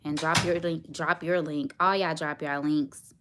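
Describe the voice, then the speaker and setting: A woman's voice: deep voice, steady tone, a little slow, background noise. A woman in her thirties, a tired mother and vlogger, rambling casually to her viewers. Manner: rambling, chatty, talks straight to her viewers.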